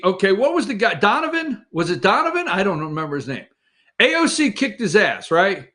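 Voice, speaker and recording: A man's voice: high voice, very animated, brisk, sharp tone. A man hosting a political talk show, rambling and opinionated, mocking the people he quotes. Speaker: host.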